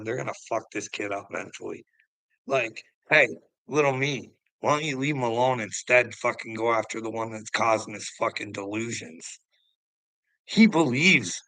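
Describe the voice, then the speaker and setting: A man's voice: mid-range voice, bright, forceful tone, no echo, low-quality recording. A man livestreaming to his chat, ranting in a profane, confrontational, goading way.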